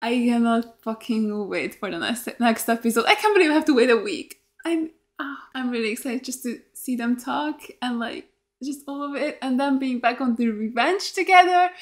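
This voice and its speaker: A woman records casual reaction commentary on a TV episode, gushing and swearing freely as she goes. Her voice sits a little high for a woman. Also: animated, normal speed. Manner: gushing and effusive, swears often. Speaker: reaction video creator.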